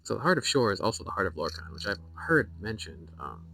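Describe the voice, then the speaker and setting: A man streaming a game, rambling through its lore, reading passages aloud and thinking out loud with fillers and self-corrections. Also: lowish voice, sing-song, fast, creaky, low-quality recording.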